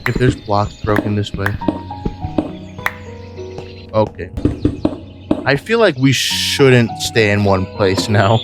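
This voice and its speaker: A man's voice: on the low side, slow pace, long pauses, over loud music. A man doing jokey, rambling let's-play commentary, full of self-mocking asides. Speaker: gaming channel host.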